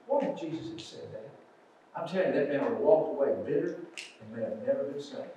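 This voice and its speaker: Older preacher in an echoey church. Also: male voice, on the high side, expressive, fast talker, muffled recording, a little hiss or hum. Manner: earnest preaching, swinging between loud pleas and quiet asides. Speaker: pastor. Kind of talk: sermon. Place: church sanctuary. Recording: echoey church sanctuary, distant mic.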